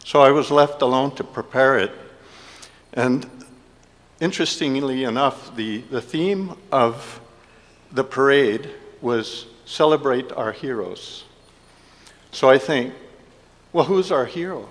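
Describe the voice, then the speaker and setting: Man, mid-pitched, stop-start congregational talk, long hall reverb. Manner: halting, with many fillers and restarts. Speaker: devotee giving a festival offering. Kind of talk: heartfelt personal speech to a congregation.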